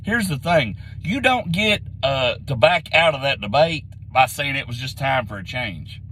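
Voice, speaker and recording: A man ranting bluntly about sports, repeating his points, sounding a little hoarse from being sick. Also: medium pitch, lively intonation, normal speed, pushed and bright, slight background noise, rough recording. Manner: blunt, repetitive, heated. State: getting sick, slightly hoarse. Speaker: sports commentary vlogger. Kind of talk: opinionated rant to camera.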